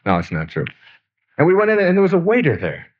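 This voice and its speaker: A man's voice: a little high, fast talker, phone-quality sound. A man giving a motivational lecture, telling stories and asking rhetorical questions. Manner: animated storytelling with rhetorical questions. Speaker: motivational speaker.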